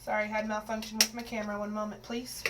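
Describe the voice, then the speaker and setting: Quick and fairly level in pitch, her mid-range voice carries a chatty, wandering hair-dye walkthrough. She's a Texas teacher and vlogger who leans on many fillers and restarts. Faint room noise is present, and the mic sounds slightly distant.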